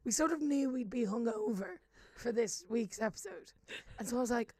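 A woman co-hosting a podcast in casual chat, with a voice hoarse from screaming at karaoke the night before. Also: fairly high pitch, normal speed. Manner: animated, self-deprecating, jumps between whispering and loud exclamations. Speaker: podcast co-host.

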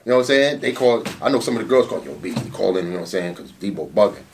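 A battle rap league owner, a man, telling his side of things in a loose interview. His pitch swings widely as he tells it, with frequent swearing and "you know what I'm saying." He sits a little back from the mic. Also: lively intonation, racing, recorded from a distance, slight background noise. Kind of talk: casual interview talk.

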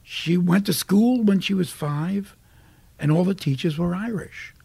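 Raspy high-voiced older man telling stories. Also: measured pace, no echo. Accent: New York. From Brooklyn, United States. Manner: animated storyteller acting out voices. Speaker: guest. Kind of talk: casual interview storytelling.

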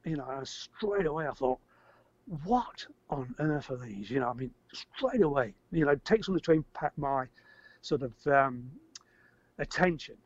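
An older man tells a story as an interview guest, rambling, repeating words and getting animated when he acts out shouting. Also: on the high side, moderate pace, dry recording. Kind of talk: casual storytelling. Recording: dry, slightly muffled audio.

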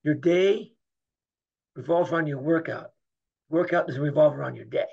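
Gravelly-voiced man telling stories. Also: a little high, normal speed, darkish tone. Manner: rambling, emphatic, acts out dialogue. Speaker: guest, former Olympic wrestler. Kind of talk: candid storytelling interview. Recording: muffled lo-fi podcast audio.

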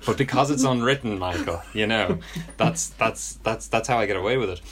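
A man's voice: fairly low pitch, a little fast, a bit bright. A British man in a casual comedic chat, rambling through self-deprecating stories. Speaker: podcast co-host.

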